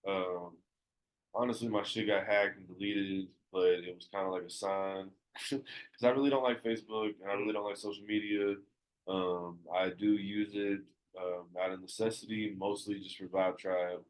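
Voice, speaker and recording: A man's voice: sits low, steady tone, moderate pace. A man as a podcast guest talking in casual chat, blunt and laid-back, with frequent ums.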